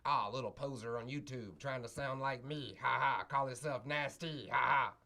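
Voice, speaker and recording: A man's voice: medium pitch, normal speed, vocal fry, sharp tone. A man doing a sneering rapper impression. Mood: mocking. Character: sneering male rapper dissing a poser.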